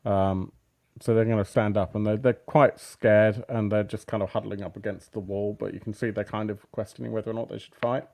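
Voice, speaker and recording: A man running a tabletop role-playing game as game master, relaxed and hesitant with many fillers. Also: on the low side, brisk, vocal fry, few pauses. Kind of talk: running a tabletop game over a live stream.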